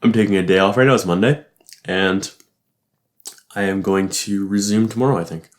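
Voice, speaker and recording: A man's voice: deep voice, normal speed. A young man talking casually in a reflective monologue, rambling, swearing often and laughing easily. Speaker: vlogger.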